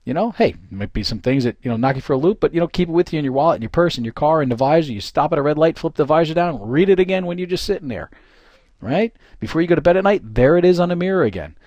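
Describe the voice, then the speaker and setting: A middle-aged man, giving an informal, animated motivational talk with many fillers and restarts. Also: a little high, quick pace, no echo. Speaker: goal-setting coach.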